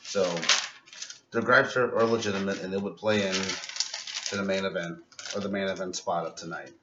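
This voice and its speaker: A man's voice: sits low, fairly even intonation, brisk, noisy background. A man giving a casual, opinionated vlog review of a wrestling show, ranting and critical. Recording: dull lo-fi sound in a roomy space from a distant mic.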